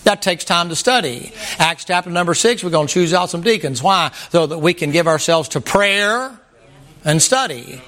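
Older pastor preaching, folksy and funny, kinda high voice. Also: male voice, animated, normal speed, fairly bright tone. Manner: folksy, humorous, plainspoken preaching. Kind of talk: sermon.

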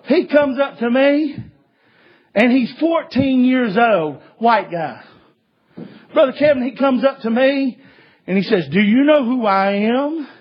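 Husky high-voiced preacher. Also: male voice, measured pace, dull audio. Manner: folksy, repetitive, many "uh" fillers, rising to shouts. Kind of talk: sermon storytelling.

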